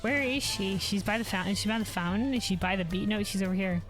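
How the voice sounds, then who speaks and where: A woman's voice: medium pitch, fast talker, soft background music. A woman game streamer chatting casually over gameplay, laughing often and swearing freely.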